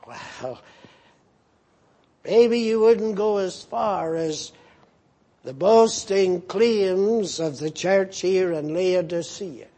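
A man's voice: sits high, extremely slow, dark tone. A man pastor preaching an earnest, rebuking sermon with emphatic repetition.

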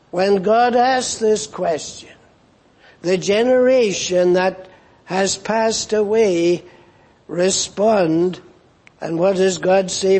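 A man preaching a sermon in a slow, earnest way, rising into pleading questions. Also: high-pitched, a little mellow.

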